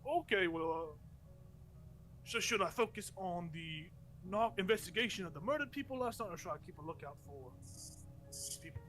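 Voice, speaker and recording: A man's voice: sits high, lively intonation, moderate pace, pauses often, a bit bright. A man voicing a meek, deferential male town guard who answers hesitantly in a tabletop game. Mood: nervous.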